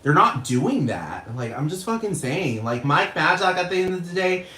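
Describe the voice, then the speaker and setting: Guy ranting on a vlog, cussing a lot, kinda high voice, roomy echo. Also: very animated, normal speed, bright, forceful tone. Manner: profane, rambling, repeats himself, laughs often. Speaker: vlogger. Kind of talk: casual rant to camera.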